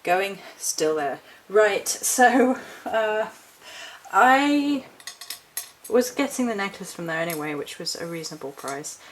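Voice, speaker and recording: A woman's voice: medium pitch, lively intonation, slow pace, slight background noise, poor audio. A woman chatting casually through a haul vlog, rambling and correcting herself as she goes. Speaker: witchcraft vlogger.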